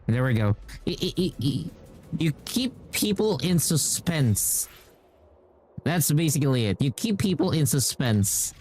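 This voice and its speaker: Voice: medium pitch, very animated, unhurried, darkish tone, slightly rough. A game streamer chatting casually while playing, rambling and acting out what other people say. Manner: rambling, acts out quoted speech. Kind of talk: casual chat while gaming.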